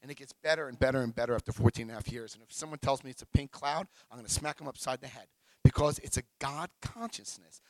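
A middle-aged man sharing his recovery story at a meeting, telling it in an emotional, animated way. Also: mid-range voice, fast, no room sound, poor audio.

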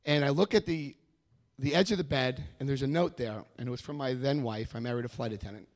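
A man giving a personal testimony at a recovery meeting, telling his story with animated energy and acting out what people said. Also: medium pitch, quick pace. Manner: animated storytelling, acts out quoted voices. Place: meeting room before a live audience.

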